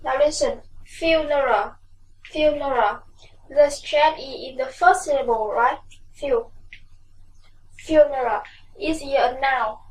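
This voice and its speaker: Vietnamese-accented lady teacher drilling vocab, high voice, echoey room, mic far off. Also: darkish tone. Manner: slow, drilling words with repeated pronunciation. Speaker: English teacher. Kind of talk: classroom vocabulary lesson. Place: classroom.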